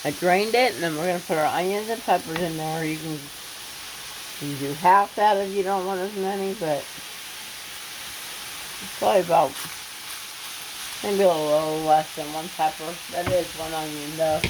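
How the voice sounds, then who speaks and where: Homey woman chatting thru a recipe in her kitchen, lowish voice, loud frying sizzle behind. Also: normal speed, pauses often, background noise. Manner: chatty, homespun, loose with restarts. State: has the hiccups. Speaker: cooking vlogger. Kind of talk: casual cooking walkthrough. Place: home kitchen.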